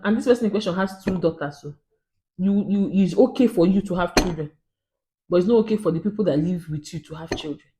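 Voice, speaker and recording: A woman vlogging, telling a story to the camera in an animated, emphatic way and acting out both sides of a conversation. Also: mid-range voice, slight background noise.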